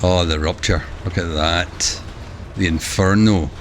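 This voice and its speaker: A man giving chatty live commentary while streaming a video game, breaking into excitable exclamations. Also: sits low, unhurried, a little hiss or hum.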